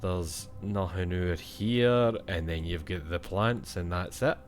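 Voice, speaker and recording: A man's voice: low voice, a little slow, soft background music. A young Scottish man playing a video game and thinking aloud in casual, swear-filled commentary. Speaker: gaming streamer.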